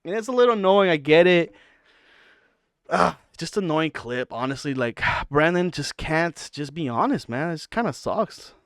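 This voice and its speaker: A man's voice: fairly high pitch, lively intonation, moderate pace, a bit bright, no echo, studio quality. A man hosting a reaction channel, giving blunt, mocking casual commentary and acting out quotes.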